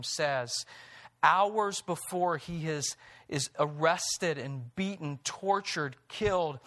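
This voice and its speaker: A man with a fairly high voice delivers a sermon in an earnest preaching manner. He reads scripture passages aloud. His voice climbs in pitch and volume when he stresses a point. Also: a bit bright. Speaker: pastor.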